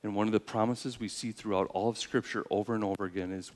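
A man preaching a sermon with earnest storytelling, building to loud emphasis and then dropping to quiet, slowed phrases. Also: fairly low pitch, steady tone. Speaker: pastor.

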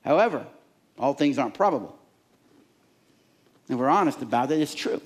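A male pastor preaching a sermon, animated, acting out the voices in people's heads and the fans in the stands. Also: medium pitch, normal speed.

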